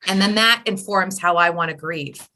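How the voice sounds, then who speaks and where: Middle-aged woman, bright voice kinda low, candid interview guest, expressive storytelling. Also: normal speed. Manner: expressive storyteller, swings between animated and quiet. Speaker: podcast guest, widowed mother.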